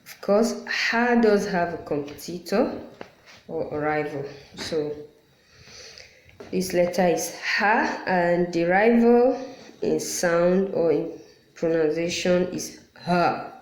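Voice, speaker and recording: A woman teaching Quran letter pronunciation patiently, repeating each sound to demonstrate and pausing to apologize. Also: fairly low pitch, darkish tone. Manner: apologetic asides. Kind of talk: explanatory lesson. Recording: roomy echo.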